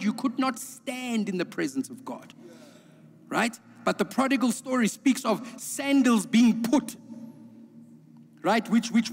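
A man preaching a sermon as pastor. He speaks emphatically, repeats words, and swings between hushed lines and urgent preaching. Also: sits high. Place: church auditorium. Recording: long reverb of a large hall.

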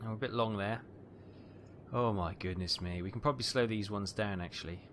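A man giving tense, excitable live commentary on a naval battle game, calling out ranges and fire orders. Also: on the low side, brisk, a little hiss or hum. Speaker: gameplay commentator.

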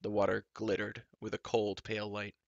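A man's voice: on the low side, monotone, moderate pace, gravelly, dry recording, lo-fi sound. A man reading a storybook aloud with dramatic narration. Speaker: storybook reader.

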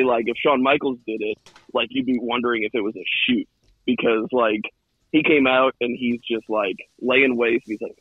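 Thirtysomething guy ranting and swearing on a co-host podcast, husky voice, sounds like a phone line. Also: mid-range voice, dry recording. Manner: profane, animated storytelling with acted-out quotes. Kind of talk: casual chat.

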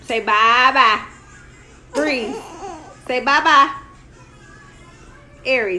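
A woman's voice: fairly high pitch, animated, slow, long pauses, sharp tone. A young adult mother chatting in playful sing-song baby talk to her little ones on a phone live stream. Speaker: mother livestreaming with her babies.

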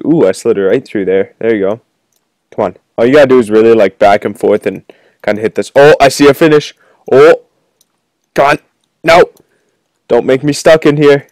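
A young man giving jokey, excitable commentary while playing a video game, whooping when he wins. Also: medium pitch, a little fast, dry recording. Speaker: gaming channel host. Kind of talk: casual let's play commentary.

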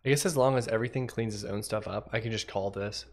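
A man's voice: on the low side, fast. A man in his forties from the United States, thinking aloud and chatting with viewers while he codes a game on a livestream, hesitant and rambling. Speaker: livestream programmer. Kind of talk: casual livecoding chat.

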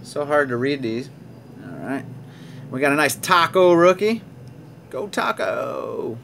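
A man's voice: on the high side, expressive, normal speed, a bit bright, a little hiss or hum. A man casually narrating as he opens sports card packs, reading out card names and chuckling now and then. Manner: chatty, reads card names aloud with small laughs. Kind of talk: casual pack-opening commentary.

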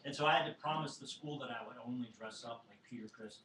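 A man telling a comic personal story live to an audience in a house show, animated with self-deprecating asides. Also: mid-range voice, quick pace, a little hiss or hum. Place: living room of a house show before an audience. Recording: roomy, distant live recording.

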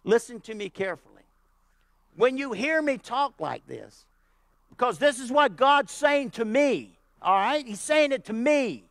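High-voiced man preaching with emphatic repetition. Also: big pitch swings, measured pace, fairly bright tone, dry recording. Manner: emphatic preaching with repeated lines and calls of "Amen?"; folksy, plainspoken asides. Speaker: pastor. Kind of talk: sermon.

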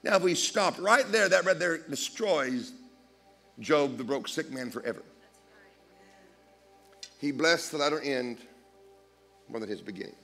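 A man's voice: a little slow, creaky, pauses often, soft background music. A middle-aged man preaching a storytelling sermon, joking and acting out dialogue. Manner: animated, jokey, acts out dialogue with big pitch swings. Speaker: guest preacher.

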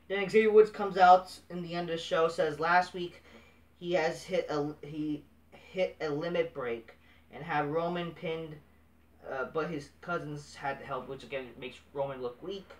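A man's voice: a little high, unhurried, distant mic. A man recapping a wrestling show in a casual, profane, dismissive way, swearing constantly. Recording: echoey room, off-mic.

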